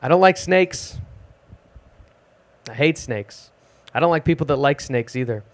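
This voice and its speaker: Deadpan young comedian on a club stage. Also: male voice, on the high side, unhurried. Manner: deadpan, self-deprecating delivery. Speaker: stand-up comedian. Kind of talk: stand-up set at an open mic. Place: small live music club stage.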